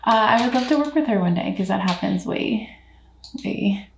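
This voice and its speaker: A woman's voice: medium pitch, lively intonation, moderate pace, creaky, slight background noise. A woman who is an actor talks to the camera during her work day, sounding tired and muttering to herself with dry jokes. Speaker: actor and vlogger. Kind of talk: talking to the camera.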